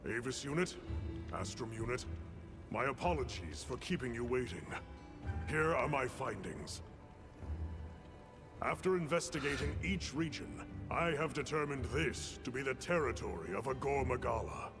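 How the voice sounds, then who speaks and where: A man voicing a stern male professor in a video game, giving a formal, measured report. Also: medium pitch, animated, close to an everyday voice. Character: stern male scholar professor briefing hunters. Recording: game audio with music bed.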